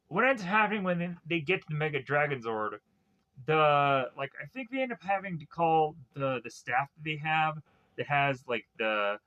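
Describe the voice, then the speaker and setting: A man talks through a TV series review, wandering and circling back with frequent fillers. His voice is bright and forward, captured on a tablet with a dull, lo-fi sound. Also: mid-range voice. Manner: meandering, heavy use of fillers and restarts. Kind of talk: rambling casual review. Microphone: tablet recording.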